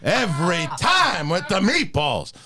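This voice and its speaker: A man doing a comic impression of an indignant older male movie star who rants and shouts. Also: high-pitched, huge pitch swings, measured pace, very noisy, heavily acted. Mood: outraged.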